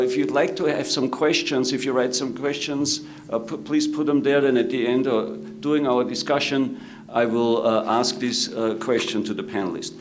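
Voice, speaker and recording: A middle-aged man with an Austrian German accent who moderates a conference panel, introducing guests formally and pausing often with "uh". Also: mid-range voice. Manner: halting, many "uh" fillers. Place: conference room.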